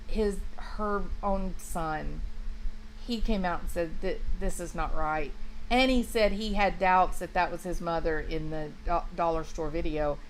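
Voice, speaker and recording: Woman, livestream host, slow unhurried delivery, chatty and emphatic, faint background hiss. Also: mid-range voice, poor audio. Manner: chatty, emphatic, restarts often, talks to viewers by name. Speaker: true crime livestream host. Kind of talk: casual livestream commentary, reading chat.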